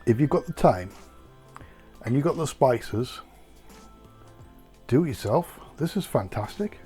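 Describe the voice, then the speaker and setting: A man's voice: mid-range voice, lively intonation, unhurried, mellow, faint music behind. A man chatting casually in a food taste-test vlog, rambling and filling gaps with lots of ums and uhs. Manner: chatty and rambling, with many fillers. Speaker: food vlogger.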